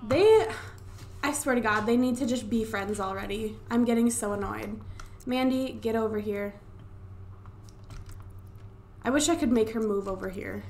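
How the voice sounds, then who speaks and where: A young woman giving casual, excitable gameplay commentary at home into a desktop microphone, swearing freely. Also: a little high, normal speed, slight background noise. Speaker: let's play gamer. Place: home room. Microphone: desktop USB microphone.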